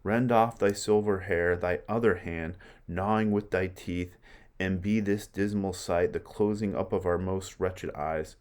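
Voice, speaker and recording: A sorrowful older Roman brother speaks in measured verse, as a man reads his part aloud. The voice is low and even.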